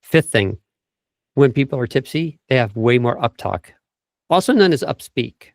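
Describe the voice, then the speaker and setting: A man's voice: medium pitch, animated, normal speed, creaky, no echo. Man coaching on voice, dry close sound. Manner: explanatory, lists tips, demonstrates speech habits. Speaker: vocal coach guest. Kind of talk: interview over video call. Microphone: video call.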